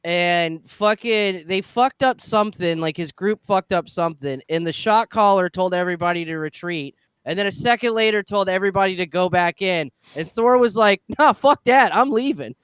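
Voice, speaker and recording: A man co-hosting a podcast who tells animated, profane stories in casual chat. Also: sits high, moderate pace, few pauses, clear, resonant tone, dry recording. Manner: animated storytelling, heavy swearing. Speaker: podcast co-host.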